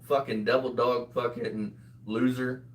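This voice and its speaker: A man's voice: mid-range voice, level tone, a little slow. A man in his twenties co-hosting a commentary show, mocking and swearing in casual banter. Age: 20s. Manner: mocking, foul-mouthed, breaks into laughter. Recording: echoey room, far from the mic.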